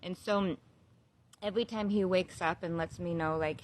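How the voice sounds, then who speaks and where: A woman, a new mother, talking to her viewers in a casual, heartfelt monologue, earnest and unhurried, with many fillers like "you know" and "like.". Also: lowish voice, fairly even intonation, slight background noise. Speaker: new mother sharing a spiritual reflection.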